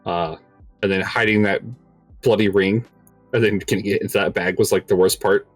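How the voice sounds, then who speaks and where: A man's voice: on the low side, steady tone, moderate pace, dry recording, soft background music. Rambling young man telling a story. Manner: rambling, heavy on filler words, laughs through his own story. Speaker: podcast co-host telling a story. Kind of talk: casual chat.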